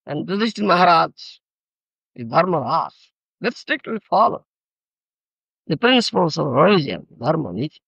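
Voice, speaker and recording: Older Odia-accented male preacher, bright and lively in pitch, checks in with his listeners often. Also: normal speed, gravelly, pauses often, breathy edge, no room sound. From Odisha, India. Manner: keeps checking "you understand?"; explains terms. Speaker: spiritual teacher. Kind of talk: sermon. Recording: dull lo-fi archive recording.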